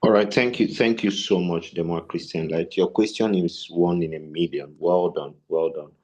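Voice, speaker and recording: With a deep voice at a normal speed, this man delivers an animated tech sales bootcamp lecture built around storytelling and rhetorical questions.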